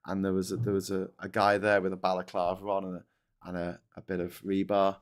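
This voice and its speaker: A man's voice: low-pitched, monotone, a little fast. A middle-aged man hosting a live stream, chatting casually and reading viewer comments, rambling and swearing, often laughing.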